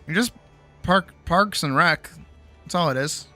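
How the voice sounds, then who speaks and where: A man's voice: on the high side, a little slow, pushed and bright, soft background music. A tired man streaming late at night from home on a desk mic, chatting casually, rambling, swearing freely and mocking himself. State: tired, sore jaw. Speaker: streamer and animator.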